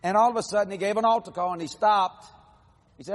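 A man in his sixties preaching a testimony sermon, telling his story in a lively, animated way and acting out the voices of others, with casual folksy grammar. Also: high-pitched, fast, long reverb tail. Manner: animated storytelling, acts out quotes.

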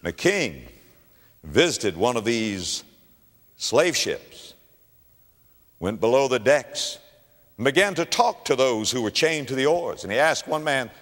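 A man's voice: medium pitch, sing-song, measured pace, long pauses, fairly bright tone. A male preacher giving a sermon, telling stories emphatically and repeating key phrases. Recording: long reverb of a large hall.

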